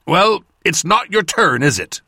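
A man voicing a gruff, bossy soldier cook. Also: high-pitched, very animated, a little slow, pushed and bright, no room sound, studio quality, voice pushed up, full character voice. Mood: menacing. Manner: curt, bossy.

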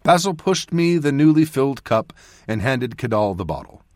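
A man's voice: normal speed, no echo. This is a male narrator telling a fantasy story in a scripted reading style. His voice rises and falls a great deal as he moves between characters. The recording is dry and close, with no room sound. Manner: voices characters with lively shifts in pitch and loudness. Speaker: audiobook narrator.

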